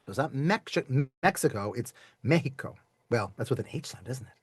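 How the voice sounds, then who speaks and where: A man teaching an online class in a playful, chatty way, his pitch bouncing around as he quizzes the kids. The sound is dry and close, with no room echo. His voice sits in a middle register. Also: sing-song, fairly quick, breathy edge. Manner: playful, chatty, asks students to type in the chat.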